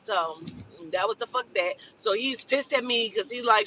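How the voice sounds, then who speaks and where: A woman in her forties, a spiritual advisor, telling a story in casual, profane, animated talk and acting out the voices of others. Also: a little high, normal speed, far from the mic, highs cut off, a little hiss or hum.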